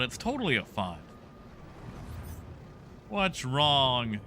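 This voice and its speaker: A man's voice: mid-range voice, lively intonation, a little slow, bright, forceful tone, slight background noise. A man streaming a game and chatting casually with live viewers, joking and riffing on their messages from his home setup.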